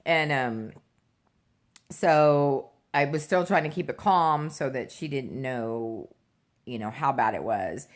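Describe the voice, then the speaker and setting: A middle-aged woman vlogger recounting a personal story in a halting way, with many fillers and restarts. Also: extremely low pitch.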